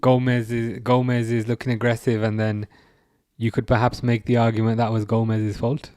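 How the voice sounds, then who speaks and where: A man hosting a casual live football watchalong, reading out chat, laughing often and tripping over his words when he gets excited. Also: medium pitch, moderate pace, clear, resonant tone, no echo, studio quality. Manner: excitable, laughing, stumbling restarts. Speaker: livestream host reading chat.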